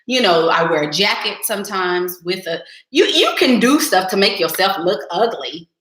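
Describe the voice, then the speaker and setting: A woman's voice: medium pitch, animated, moderate pace, a bit bright. A young woman hosting a live stream, giving blunt, sassy advice straight to her viewers in casual chat. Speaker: livestream host giving advice. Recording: echoey room.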